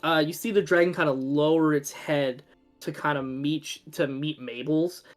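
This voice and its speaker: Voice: mid-range voice, fairly even intonation, normal speed, faint music behind. A game master narrating a tabletop game in a chatty, loose way with many fillers.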